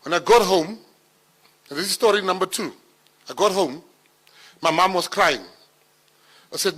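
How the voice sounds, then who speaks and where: A middle-aged South African man giving a speech, telling personal stories and acting out the dialogue, rising loud at the punchlines. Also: sits high, normal speed, long pauses, slightly rough. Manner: animated storyteller, acts out dialogue, gets loud at punchlines. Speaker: minister giving a keynote speech. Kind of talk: storytelling speech to an audience.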